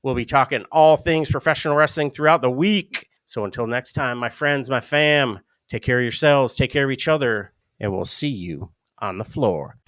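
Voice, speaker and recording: A man co-hosting a podcast, telling a story in a casual, animated way, laughing often. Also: medium pitch, moderate pace, few pauses, dry recording. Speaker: podcast co-host. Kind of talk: casual chat.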